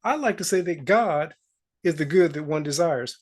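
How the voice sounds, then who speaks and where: Male manifestation coach, motivational talk, measured and deliberate delivery. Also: a little high, lively intonation. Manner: slow, deliberate storytelling, quoting scripture.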